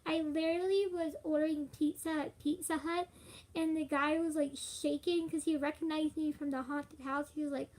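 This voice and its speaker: Tired high-voiced young woman streaming live. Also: steady tone, normal speed, a little mellow. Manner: rambling, with frequent fillers and laughs. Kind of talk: casual live stream chat.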